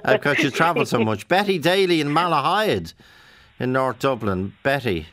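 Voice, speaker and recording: A man's voice: medium pitch, very animated, moderate pace, a bit bright. A man hosting a radio phone-in, cutting in with questions and steering callers.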